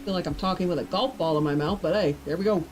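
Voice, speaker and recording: A woman's voice: lowish voice, fast, a little mellow, faint music behind, poor audio. A woman streaming from home, chatting casually and talking to herself as she works. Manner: rambling, self-talking, distracted. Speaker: streamer and author. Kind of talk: casual live-stream chat.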